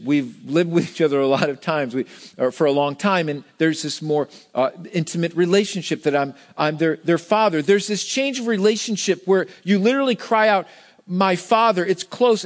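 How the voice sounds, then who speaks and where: Middle-aged man, pastor, fairly high voice, conversational sermon, emphatic, restarts phrases. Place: church.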